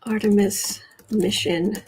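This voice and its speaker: A woman's voice: mid-range voice, steady tone, takes it slowly, darkish tone, a little hiss or hum. A woman from the United States hosting a casual tarot livestream, chatting and restarting her sentences as she reads cards and chat. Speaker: tarot reader livestream host.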